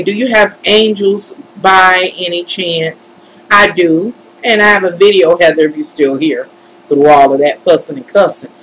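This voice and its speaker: Slow-talking woman, fussing aloud. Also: medium pitch, fairly bright tone, slight background noise, rough recording. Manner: frustrated, fussing and muttering to herself. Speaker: tarot reader hosting a livestream. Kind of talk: live-stream chat.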